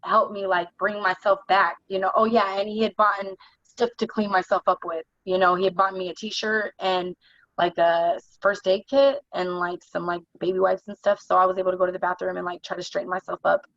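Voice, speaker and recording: A young adult woman telling her own story in conversation, in a halting, earnest way full of "like". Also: on the low side, flat delivery, a bit bright, dry recording. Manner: halting, earnest, heavy use of "like". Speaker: interview guest. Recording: dull, dry lo-fi recording.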